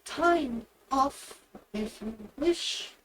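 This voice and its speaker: A woman voicing a small, kindly female army lieutenant who speaks gently and without hurry. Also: sits high, animated, extremely slow, slight background noise, pitched above the performer's own voice, heavily acted, low-quality recording.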